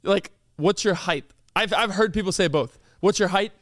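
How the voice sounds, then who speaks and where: Joking young man with quick comebacks. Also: sits high, fairly bright tone, dry recording. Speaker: podcast co-host. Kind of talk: casual podcast banter.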